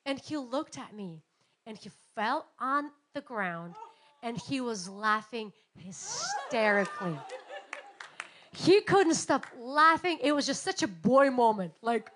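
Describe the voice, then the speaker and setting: A woman in her thirties preaching a sermon, telling stories and acting out quotes with big swings in loudness. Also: fairly high pitch, very animated, slow. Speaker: pastor.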